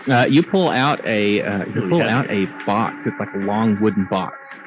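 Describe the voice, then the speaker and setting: A man's voice: fairly low pitch, animated, moderate pace, faint music behind, rough recording. A man narrating as dungeon master in a tabletop game, loose and chatty, often breaking into laughter.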